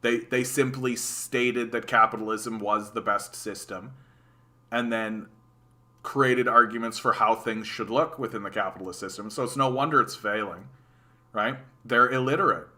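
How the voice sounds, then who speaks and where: A man's voice: mid-range voice, normal speed. A man with a Canadian accent giving casual, sarcastic political commentary on a live stream, reacting to chat and often restarting his sentences. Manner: animated, sarcastic, repeats words and restarts.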